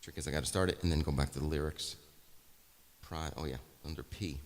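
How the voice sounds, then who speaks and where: Deep-voiced rambling man, chatty. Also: steady tone, a little fast, big-room sound. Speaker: musician live-streaming. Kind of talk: casual live-stream chat.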